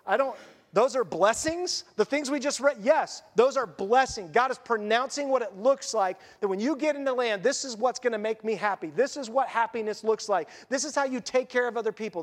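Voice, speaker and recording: A pastor with a high, light voice preaches a sermon in a lively, conversational way, slipping into quick voiced asides. His words trail off into a long reverb in a reverberant church hall.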